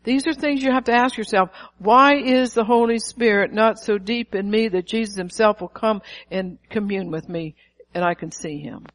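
A woman's voice: medium pitch, normal speed. A middle-aged woman preaching a sermon, emphatic and calling out to her listeners. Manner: emphatic, calls to the audience.

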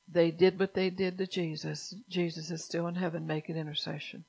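Fervent preaching woman, flat delivery. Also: on the low side, normal speed, vocal fry, long pauses, husky, low-quality recording. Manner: fervent, scolding, rising to loud emphatic bursts. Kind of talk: sermon.

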